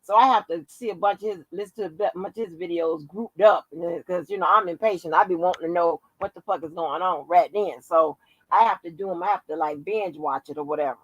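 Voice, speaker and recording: A woman giving casual commentary on her vlog, animated and profane, often breaking into laughter. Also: fairly low pitch, quick pace, slightly rough, no echo, poor audio. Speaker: YouTube commentator.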